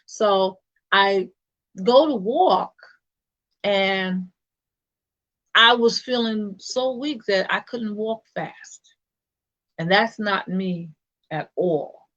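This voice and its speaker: A woman who serves as a church deacon tells a personal story, pausing often and circling back with fillers and restarts. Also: medium pitch, fairly bright tone, dull audio. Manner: halting, with many fillers and restarts.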